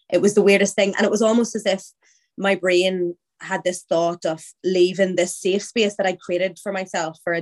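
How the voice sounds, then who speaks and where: A woman, a podcast guest candidly telling her story in casual, chatty conversation. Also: medium pitch. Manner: candid, chatty, quotes her own thoughts aloud.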